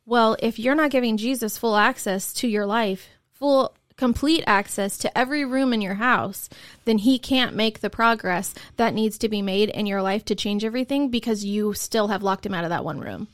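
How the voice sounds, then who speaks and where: A woman's voice: mid-range voice, normal speed, dry recording, studio quality. A woman co-hosting a casual church talk, explaining steadily and laughing easily.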